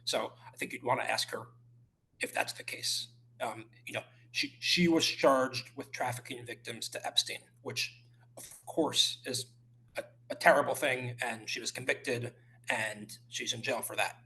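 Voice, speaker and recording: A male journalist answering interview questions over a remote call, halting and careful with many restarts and fillers. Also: medium pitch, bright, forceful tone. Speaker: journalist guest.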